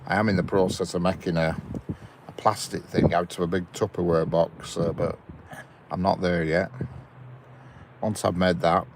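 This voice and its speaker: Deep gravelly man chatting on a live stream. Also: flat delivery, normal speed, pauses often, noisy background. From England. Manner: chatty, greets viewers by name, chuckles. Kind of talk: casual live-stream chat. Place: inside a parked car by a railway.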